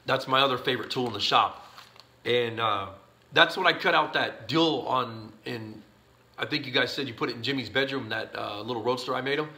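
A man's voice: medium pitch, a little fast, sharp tone. A man talking casually to camera from his garage workshop, rambling in a folksy way with lots of uhs, and sleepy and yawning. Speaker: YouTube channel host answering viewer questions.

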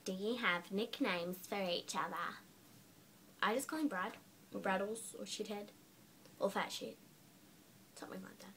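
A woman's voice: mid-range voice, normal speed, pauses often, a bit bright, slight background noise. An Australian woman hosting a casual vlog chat with her brother, teasing and giggly in a blunt way. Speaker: vlogger host.

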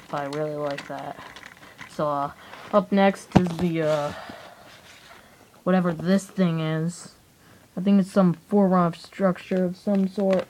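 A woman's voice: sits low, fairly even intonation, measured pace, a little mellow, slight background noise, poor audio. A woman giving a rambling, casual toy review with many fillers, often trailing off.

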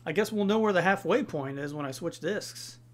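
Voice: medium pitch, a little fast. A let's-play host giving casual gameplay commentary in a rambling, self-deprecating way.

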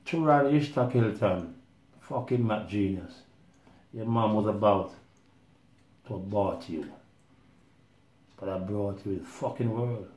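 A man's voice: lowish voice, a little slow, pauses often, a little mellow. A man telling his own story in a rambling, blunt monologue, swearing freely and acting out other people's voices. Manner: profane, blunt, acts out voices. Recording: roomy echo.

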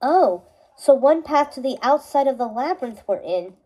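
A woman's voice: high voice, expressive, normal speed, dark tone, low-quality recording. Woman reading as a wry proud young prince. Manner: dry, teasing quips.

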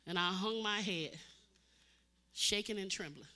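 A woman preacher delivering a sermon as dramatic storytelling, swinging from loud cries to hushed, intense tones. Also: mid-range voice, unhurried.

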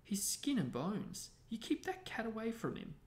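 A man voicing an angry, hot-tempered teenage boy wizard who shouts indignantly in a storybook reading. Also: a little high, lively intonation, normal speed. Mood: resentful.

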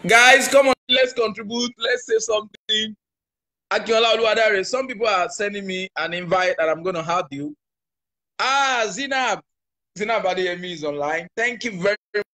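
A Nigerian man hosting a live stream, loud and exclaiming as he comments. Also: high-pitched, moderate pace, roomy sound.

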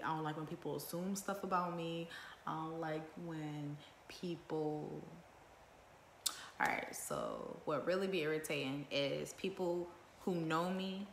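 A woman with a low, forceful voice speaks her mind on a home livestream, blunt and swearing freely. She stacks up rhetorical questions one after another. The room around her adds a roomy echo. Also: a little hiss or hum. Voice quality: naturally loud voice. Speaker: vlogger going live. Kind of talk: casual live-stream monologue. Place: at home indoors.

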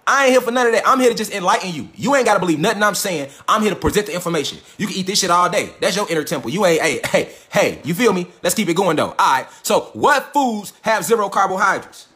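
Brief: fast-talking man, high voice, profane and preachy livestream lecturer, roomy echo. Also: animated, sharp tone. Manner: profane, preachy, street slang, repeats himself. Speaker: livestream host.

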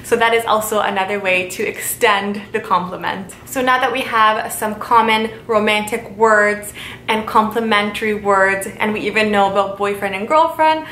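Woman, online language teacher, slow careful repetition of phrases, echoey room, faint rumble behind. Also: sharp tone. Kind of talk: casual video lesson.

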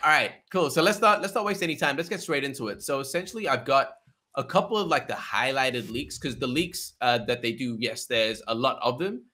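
A man's voice: medium pitch, lively intonation, a little fast, pushed and bright. A man hosting a casual, joking video-call chat. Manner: laughing, loose and joking. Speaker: channel host.

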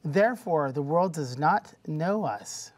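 A man's voice: a little high, animated, slow pace, dry recording. A man in a Bible study reading a verse aloud plainly.

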